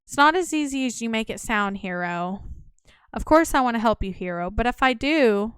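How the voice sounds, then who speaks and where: A woman's voice: on the high side, animated, normal speed, smooth, no room sound, studio quality, lightly acted. A woman reading the lines of a reluctant young female dancer from a game, subdued and hesitant.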